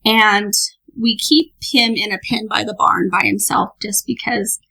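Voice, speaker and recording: A woman guest on a podcast, telling a story in a lively, laughing way. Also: medium pitch, unhurried, gravelly, husky, rough recording. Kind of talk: casual storytelling.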